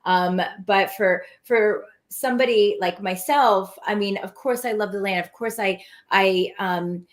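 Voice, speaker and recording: A woman hosting a casual panel chat on a video call, emotional and halting, with many fillers and restarts. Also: mid-range voice.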